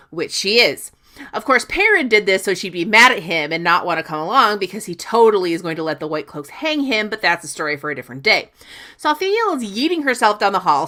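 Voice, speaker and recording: A woman's voice: mid-range voice, pushed and bright. A woman podcast host giving a profane, comedic recap of a book chapter, with voiced quotes. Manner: profane, sassy, quick retelling with voiced quotes.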